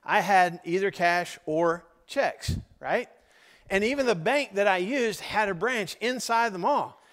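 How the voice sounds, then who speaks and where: Storytelling pastor with a drawl, reverberant hall. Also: male voice, high-pitched, unhurried, a bit bright. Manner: conversational storytelling with asides to the audience. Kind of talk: sermon story told to a congregation.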